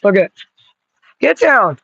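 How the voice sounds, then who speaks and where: A woman's voice: mid-range voice, big pitch swings, takes it slowly, creaky, a bit bright, husky, no room sound, highs cut off. A woman vlogging from her yard in a loose, rambling way, cooing at dogs and swearing casually. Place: outdoors in a yard.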